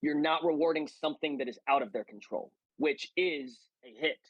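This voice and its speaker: A man's voice: fairly high pitch, normal speed, no room sound, dull audio. A man speaking as a guest hitting coach, emphatic and coach-like, with many restarts. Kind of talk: casual conversational interview.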